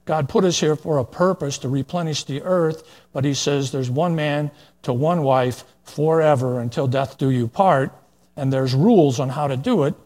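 Older preacher with a breathy, husky voice. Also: male voice, a little high, normal speed, a little mellow. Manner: plain-spoken, folksy, with frequent fillers and asides. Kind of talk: verse-by-verse sermon.

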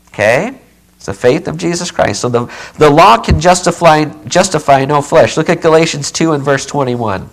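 A man delivering a Bible teaching sermon in a fairly high voice. He drives each point home with emphatic repetition and keeps checking in with his listeners. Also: poor audio. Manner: emphatic, repeats key phrases, checks in with okay; says he keeps yelling. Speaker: preacher.

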